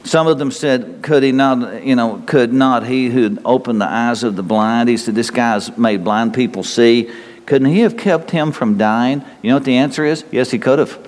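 A man's voice: mid-range voice, moderate pace. A man preaching a conversational sermon in a folksy way, chuckling and asking his listeners rhetorical questions. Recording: long hall reverb.

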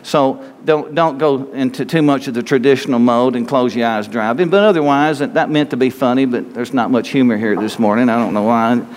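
A man's voice: mid-range voice, a little fast, hardly any pauses, darkish tone, slight background noise. A middle-aged man preaching a conversational sermon as pastor, folksy and rambling, with many restarts. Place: church sanctuary. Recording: long reverb of a church hall.

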